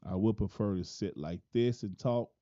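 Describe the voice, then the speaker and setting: A man casually testing his microphone setup, thinking out loud and often ending lines with "man". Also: on the low side, moderate pace, dry recording, dull audio. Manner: laid-back, thinking aloud, often tags lines with "man". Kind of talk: casual mic-check talk.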